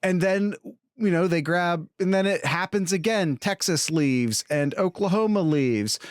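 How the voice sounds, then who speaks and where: A man with a high voice co-hosts a sports podcast, talking casually and with plenty of opinion. He speaks in animated bursts and restarts his sentences. The recording is dry and close, with no room sound. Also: no echo. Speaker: podcast co-host.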